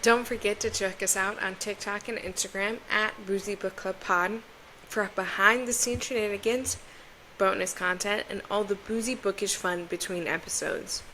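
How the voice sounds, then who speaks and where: A young woman co-hosting a book podcast in a relaxed, playful chat, tripping over fantasy names. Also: mid-range voice, moderate pace, slight background noise, rough recording. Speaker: podcast co-host. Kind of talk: casual chat.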